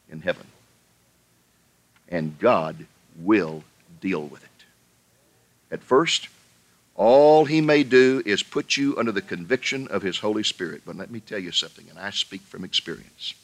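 A man's voice: on the low side, sing-song, unhurried, pauses often, fairly bright tone, no echo. A male pastor preaching a sermon, pressing the listeners with emphatic rhetorical questions and rising sharply when he addresses them directly.

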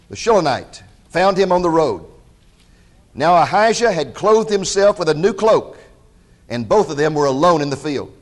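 A man preaching a sermon, telling scripture stories in an animated way and acting out the quotes, and directing listeners to passages. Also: high-pitched. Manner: animated storytelling with dramatized quotes.

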